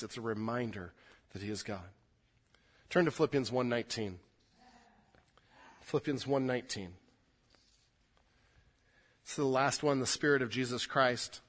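A middle-aged man with a medium-pitched voice delivers a sermon as a pastor. He moves between forceful, emphatic scripture reading and soft, intimate asides, often restarting and repeating words.

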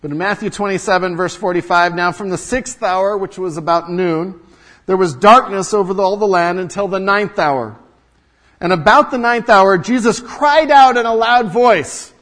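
A man preaching a sermon to his congregation, swinging from hushed low passages to loud emphatic peaks, with repetition and rhetorical questions. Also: normal speed. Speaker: pastor.

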